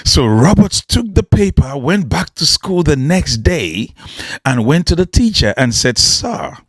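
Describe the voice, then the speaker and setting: A man preaching and storytelling with an emphatic, rhetorical drive. His fairly high voice swings widely in pitch and has a husky texture. The recording is dry and close. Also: big pitch swings, unhurried, dry recording. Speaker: motivational preacher.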